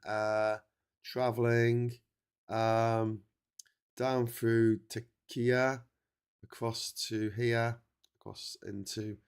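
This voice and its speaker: This middle-aged English livestream host has a cold as he chats loosely with viewers. His middle-pitched voice is a little mellow, and his talk rambles with plenty of restarts and filler sounds.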